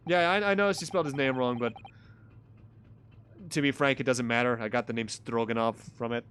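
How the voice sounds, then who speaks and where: A man's voice: mid-range voice, fairly quick, long pauses, fairly bright tone, a little hiss or hum. A man giving casual, joking commentary while playing a story game. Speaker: gaming streamer. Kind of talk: casual let's-play commentary.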